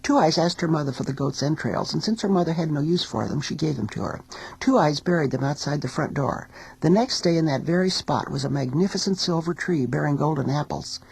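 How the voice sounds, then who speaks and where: A woman teacher telling a folk tale in a recording studio, as an expressive storyteller. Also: low voice, vocal fry, slightly rough, poor audio. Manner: expressive storyteller, sings small refrains slowly.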